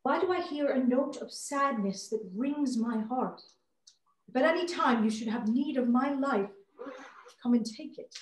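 Young woman voicing a lovesick writer, earnest and imploring, fairly high voice, set back from the mic in an echoey room. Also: unhurried. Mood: pleading. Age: young adult. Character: lovesick pleading writer, the actress's lover. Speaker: student actor. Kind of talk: stage drama over video call. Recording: distant echoey room over video call.

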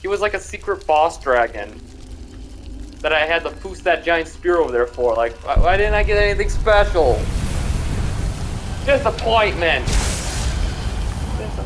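A man's voice: a little high, lively intonation, a little fast, background noise. A young man giving casual, mocking commentary while playing a video game, often stammering and repeating himself. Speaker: gamer streamer. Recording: game music in background.

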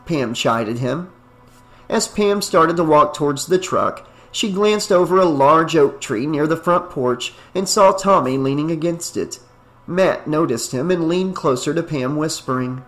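Man, audiobook narrator, steady reading, slightly high voice. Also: measured pace, soft background music. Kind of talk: scripted narration.

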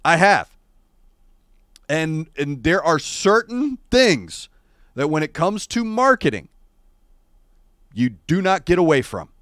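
A middle-aged man hosts a casual livestream, talking through rambling, wry stories with bursts of animation. His voice sits a touch high and comes through smooth and clear. The sound is dry and close. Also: sing-song, takes it slowly, pauses often, a bit bright, no room sound. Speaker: show host. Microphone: adjustable streaming microphone.

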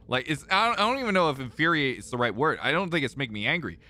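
A young man streaming a game and talking to his viewers, exasperated and swearing often, swinging from loud outbursts to low mutters. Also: lively intonation, fast talker. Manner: exasperated, swears a lot, repeats himself when frustrated. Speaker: gaming streamer. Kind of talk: live gameplay commentary.

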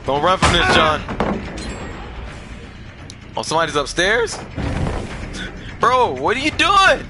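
A man's voice: high-pitched, huge pitch swings, slow, pauses often, loud music behind the voice. A young man giving casual, jokey commentary while streaming a video game, laughing often and trash-talking the game. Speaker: gaming streamer.

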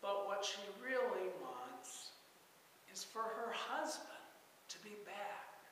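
A man preaching a sermon as pastor, retelling a story with measured pacing and dramatic emphasis on key words. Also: high-pitched, very animated, pushed and bright, a little hiss or hum. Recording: echoey hall with long reverb, faint ambience.

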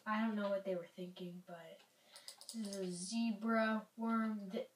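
A woman's voice: mid-range voice, fairly even intonation, a little slow. A young woman casually commenting on a video game she is playing, rambling and playful, sometimes dropping to a whisper. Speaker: gaming YouTuber. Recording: roomy, distant mic, faint noise.

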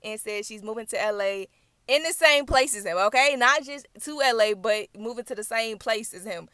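A young woman hosting a reaction channel, recapping a video in animated, chatty storytelling. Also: a little high, normal speed, smooth, no room sound. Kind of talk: casual recap vlog.

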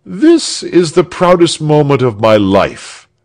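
A man's voice: a little high, big pitch swings, slow, voice pushed up, full character voice. A man voicing a modest hero archer, bashful at first, then delivering a proud, grand speech. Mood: proud speechmaking.

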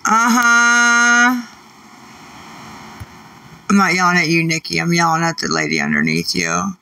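A woman's voice: lowish voice, expressive, measured pace, pushed and bright, distant mic. A woman livestreaming late at night, irritated and swearing as she argues back at her chat.

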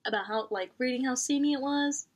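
A woman's voice: high-pitched, brisk. A young woman in casual book vlog chat, talking expressively with lots of fillers, recorded at home on a camera mic. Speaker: book vlogger.

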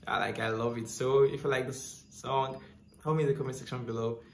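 A man's voice: mid-range voice, steady tone, a little fast. A man hosting a music reaction channel, gushing in casual commentary, repeating himself and filling with "like". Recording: echoey room with faint noise.

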